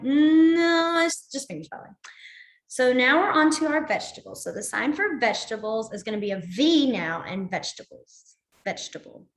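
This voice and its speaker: A woman's voice: mid-range voice, echoey room. A young woman teaching a sign language class online, chatty, apologetic and easily sidetracked, laughing often.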